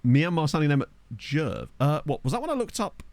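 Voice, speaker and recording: A man with a neutral British accent chatting quickly and casually to his live-stream viewers while playing a football management game. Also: a little high, sing-song, a little mellow, dry recording. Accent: neutral British English. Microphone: desktop USB microphone.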